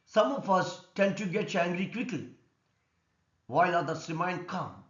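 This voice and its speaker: Slow-speaking male English teacher, echoey. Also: high-pitched. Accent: Indian English. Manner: slow, deliberate explanation, repeating words and stress rules. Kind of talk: classroom lesson on word stress. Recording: echoey room, dull lo-fi sound.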